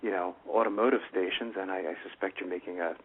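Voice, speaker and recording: A man's voice: deep voice, steady tone, fast talker, breathy edge. A man with a New York accent co-hosting a radio talk show, rambling casually with many fillers and restarts. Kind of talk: casual on-air chat. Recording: tinny phone-like radio audio.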